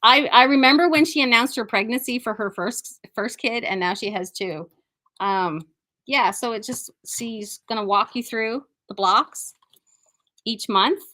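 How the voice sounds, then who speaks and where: A slightly high, pushed and bright voice comes from a woman hosting a quilt shop video at a measured pace. Chatting casually and eagerly about products in a live showcase, she tends to restart her sentences.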